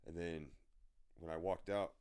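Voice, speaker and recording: Low-voiced guy on his podcast, swearing a lot, rambling through delivery stories. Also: fairly even intonation, unhurried, darkish tone, smooth. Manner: profane, blunt storytelling with frequent filler. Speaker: podcast host and delivery driver. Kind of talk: rambling anecdotal podcast chat.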